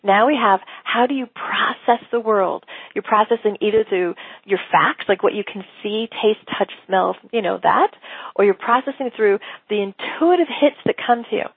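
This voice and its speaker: Husky-voiced woman coach, tinny sound. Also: medium pitch, normal speed, dry recording. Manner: animated, acts out quoted dialogue, laughs often. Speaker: business coach. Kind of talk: casual teaching monologue.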